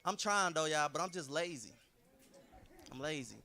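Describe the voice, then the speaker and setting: A man's voice: fairly high pitch, expressive, normal speed, sharp tone. Laid-back man doing self-deprecating stand-up. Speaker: stand-up comedian. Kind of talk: stand-up comedy set. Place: comedy club stage.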